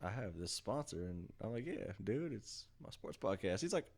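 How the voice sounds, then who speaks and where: A man's voice: lowish voice, very animated, normal speed, darkish tone. A man co-hosting a sports podcast in casual, laid-back and profane banter, chuckling as he talks. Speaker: podcast co-host.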